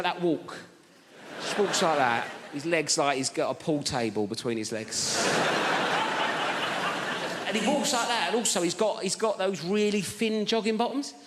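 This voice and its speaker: A male stand-up comedian telling a rambling, animated anecdote on a theatre stage. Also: fairly high pitch. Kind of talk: stand-up storytelling. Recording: reverberant theatre, background noise.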